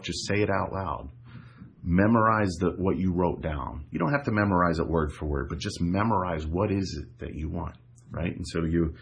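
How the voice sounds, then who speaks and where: A man's voice: sits low, gravelly, slight background noise. A man coaching viewers through a visualization technique in a casual, repetitive way, often checking in with "right?" and "okay?". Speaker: self-help coach. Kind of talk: guided instruction to camera.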